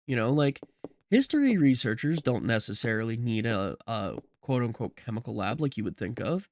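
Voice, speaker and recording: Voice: mid-range voice, big pitch swings, a little fast, darkish tone, no room sound. A game streamer giving casual let's-play commentary, chatty and joking, with asides to viewers.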